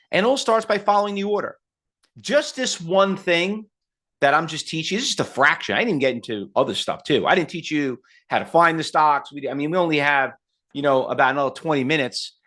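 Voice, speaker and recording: A man in his fifties teaching trading in a live online seminar, blunt and full of rhetorical questions, pitching to his audience. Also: a bit bright. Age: 50s. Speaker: trading instructor.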